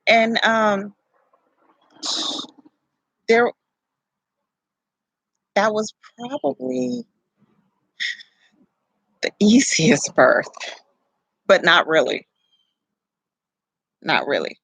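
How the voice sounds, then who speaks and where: Husky-voiced woman telling a story, slow. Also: mid-range voice, no echo, rough recording. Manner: candid, animated, profane retelling. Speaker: vlogger. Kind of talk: casual storytelling to camera.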